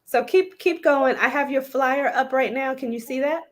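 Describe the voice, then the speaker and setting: A woman's voice: high voice, moderate pace. A woman hosting a show over a video call, chatty and apologetic, laughing easily. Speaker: host. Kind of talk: casual video-call chat.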